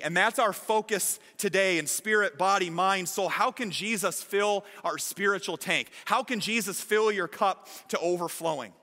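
A man pastor preaching a sermon with animated storytelling in a church. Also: high-pitched, normal speed, few pauses, big-room sound. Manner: animated storytelling, shifting from lively to hushed.

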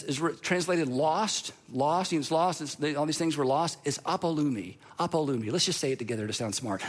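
A man's voice: a little high, a bit bright. A male pastor preaching a sermon in a conversational, playful way, with asides to the congregation.

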